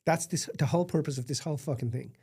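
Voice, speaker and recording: A man's voice: a little high, fast, gravelly, mellow, breathy edge. A middle-aged man, a podcast guest telling a candid personal story, emphatic and raw, with blunt swearing.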